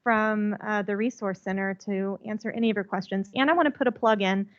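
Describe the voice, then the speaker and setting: A woman's voice: mid-range voice, steady tone, brisk, lo-fi sound. A woman giving a conference presentation into a handheld mic, friendly and chatty, out of breath. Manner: friendly, chatty, laughs often. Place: conference room.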